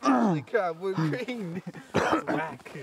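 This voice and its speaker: A man's voice: high voice, expressive, slow pace, gravelly, far from the mic, a loud crowd. A young man from Canada joking around in casual banter, chiming in and echoing his friend.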